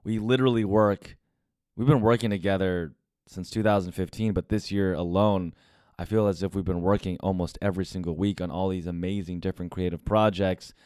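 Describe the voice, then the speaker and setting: A man's voice: deep voice, steady tone, brisk, darkish tone, clean tone, no room sound, clean studio sound. A young man from the United States hosting a casual podcast monologue, talking candidly and confessionally and swearing often. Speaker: podcast host.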